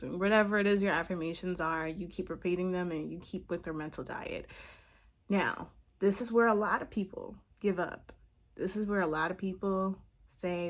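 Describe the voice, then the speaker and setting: A woman's voice: lowish voice, steady tone, normal speed. A woman talking to camera as a manifestation coach, frank and emphatic, swearing freely and checking in with the listener again and again. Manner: emphatic, keeps checking in with "okay?". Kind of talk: impromptu casual vlog talk.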